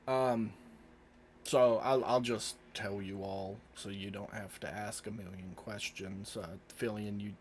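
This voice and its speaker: A man's voice: lowish voice, steady tone, slow, pauses often, a little hiss or hum. A man at a tabletop game describing his character's actions in first person, in a laid-back manner with loose fillers. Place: home streaming setup.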